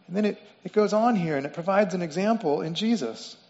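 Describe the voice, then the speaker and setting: Male preacher, high voice, emphatic repetition, dull lo-fi recording. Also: brisk, darkish tone. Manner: explains word meanings, repeats phrases for emphasis. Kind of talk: sermon. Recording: dull lo-fi sound with long reverb in a hall.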